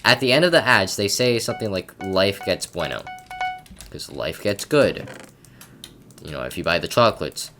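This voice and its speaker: A man's voice: on the low side, big pitch swings, fairly quick, music in the background. A man from Canada giving casual gameplay commentary at his computer, rambling and stammering with lots of repeated words and self-mocking asides. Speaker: gaming commentator.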